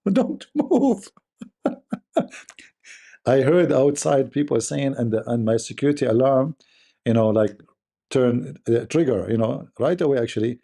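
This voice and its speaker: A man rants through a casual livestream, mocking and emphatic, breaking into laughter as he goes. His English grammar is non-native. The voice is dark and mellow, with a gravelly rasp at the bottom, at an ordinary male pitch. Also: normal speed. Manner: mocking, emphatic, laughs often while talking. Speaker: livestream host. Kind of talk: casual ranting commentary.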